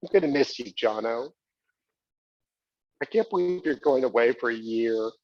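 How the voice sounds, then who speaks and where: A man's voice: medium pitch, animated, normal speed, no room sound, lightly acted. A doting mother coaxes her son with tender words, as a man puts her on in a solo stage show. The voice stays close to his own. The live recording sounds dull.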